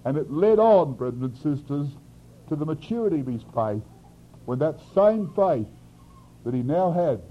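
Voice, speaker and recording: A man preaching an expository sermon, swinging from loud emphasis to quiet asides. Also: medium pitch, breathy edge. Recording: dull lo-fi sermon recording.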